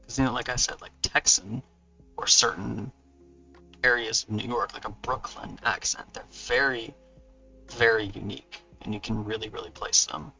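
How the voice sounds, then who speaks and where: Rambling through a casual livestream for his book launch, this author thanks viewers and laughs frequently, speaking with a Californian accent. His voice sits low, steady and a bit creaky yet bright and forward, at an ordinary pace. Picked up by a far-off mic, the audio is dull and lo-fi, with soft music behind.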